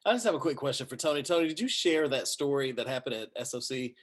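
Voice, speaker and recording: This medium-pitched news anchor talks fast while telling a personal story at a panel discussion. His telling is animated, with the quoted lines acted out.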